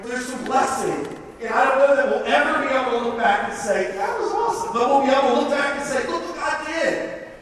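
A man's voice: extremely high pitch, fairly bright tone, a little hiss or hum. A man giving an earnest, conversational sermon to a youth camp, full of casual fillers. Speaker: camp speaker. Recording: echoey hall, heard from far off.

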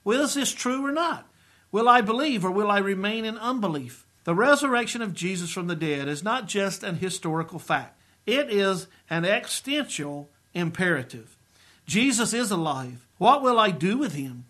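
Middle-aged guy preaching, kinda high voice, earnest, leans hard on the big lines. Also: expressive, pushed and bright. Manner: earnest, emphatic preaching with slow stressed phrases. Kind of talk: sermon-style teaching.

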